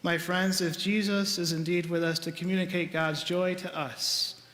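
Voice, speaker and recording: A man delivers a homily in an earnest, conversational way, telling stories to his congregation. His voice sits high and bright. The sound carries the long, roomy reverb of a large church. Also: level tone, normal speed. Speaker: priest.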